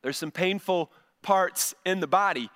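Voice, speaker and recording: A man's voice: high voice, unhurried, fairly bright tone. A middle-aged male pastor giving a conversational sermon, often repeating words as he starts a phrase.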